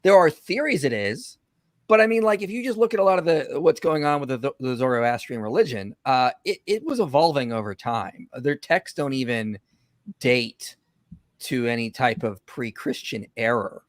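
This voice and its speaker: A lively male host is doing livestream commentary, rushing forward in quick bursts and dropping lots of filler words. His pitch is middling, and the audio is close and dry with no room sound.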